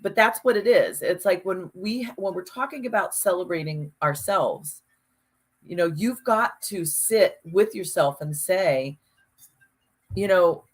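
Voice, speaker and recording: A woman with a fairly low voice talks in a loose, casual podcast chat. She is animated and emphatic, and she swears freely as she works through her thoughts. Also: measured pace, husky. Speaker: podcast co-host.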